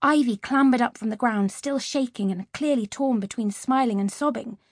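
Woman narrator, audiobook, expressive reading, high-ish, breathy, dry close-miked studio. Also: moderate pace, no echo. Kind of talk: first-person audiobook narration. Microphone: close studio mic.

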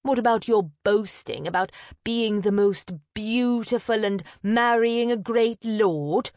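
A woman's voice: lowish voice, sing-song, unhurried, darkish tone, dry recording, clean studio sound. A woman voicing a lofty, demanding young noble sister. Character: legitimate middle sister, lofty young girl.

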